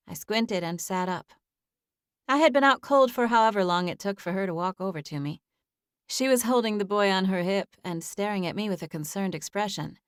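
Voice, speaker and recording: A woman's voice: lowish voice, smooth, no echo. Dry, close female audiobook narrator. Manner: even, measured first-person storytelling. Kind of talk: scripted narration.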